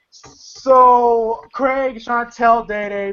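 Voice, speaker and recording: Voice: medium pitch, fairly even intonation, unhurried, a bit bright. An online movie reviewer giving a casual, rambling recap of a comedy film, full of fillers and laughter. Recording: dull lo-fi recording.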